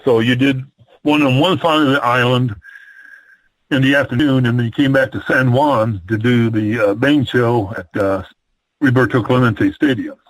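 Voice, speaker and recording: An older man from the Midwest spins long rambling road stories about his wrestling days, full of ums and false starts. His voice sits at an ordinary pitch for a man, recorded close and dry with no room sound. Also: fairly even intonation, normal speed, dry recording, poor audio. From American Midwest. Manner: rambling, many fillers and restarts. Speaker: retired pro wrestler, guest. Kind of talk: storytelling interview.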